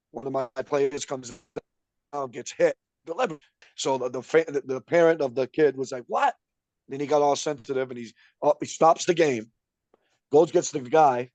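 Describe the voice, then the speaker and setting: A man's voice: medium pitch, no echo, poor audio. A man who coaches youth basketball, talking casually on a podcast and telling a story with lots of fillers. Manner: animated storytelling, frequent fillers.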